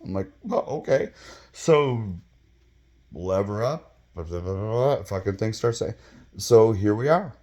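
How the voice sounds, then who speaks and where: Deep-voiced man in his fifties rambling. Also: measured pace. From Michigan, US. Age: 50s. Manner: rambling, profane, with many fillers and bursts of excitement. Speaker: vlogger telling his own stories. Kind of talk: casual storytelling monologue.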